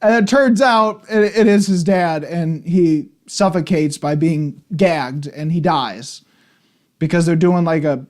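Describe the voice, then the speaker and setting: High-voiced man griping about a film. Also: a little slow. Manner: rambling and exasperated, many restarts. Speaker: movie reviewer. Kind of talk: casual spoken film review.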